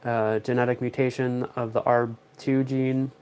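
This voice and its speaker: A young man chats casually on a livestream. He rambles through stories with dry, jokey asides. His voice sits at an ordinary middle pitch. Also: flat delivery, normal speed, darkish tone, clear, resonant tone. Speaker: live streamer.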